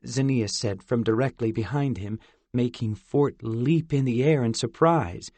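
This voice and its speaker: A man narrating a novel in an even storytelling manner. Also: mid-range voice, unhurried, no echo. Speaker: audiobook narrator. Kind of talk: scripted narration.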